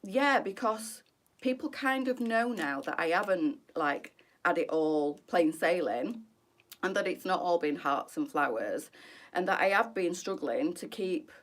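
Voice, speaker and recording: A woman's voice: lowish voice, expressive, measured pace. A middle-aged woman, a boutique presenter chatting candidly and emotionally on a live stream, answering viewers by name.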